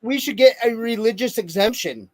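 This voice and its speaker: A man's voice: very high-pitched, animated, normal speed, a little mellow. A man co-hosting a casual livestream chat, making blunt, crude jokes. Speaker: co-host of a livestream show.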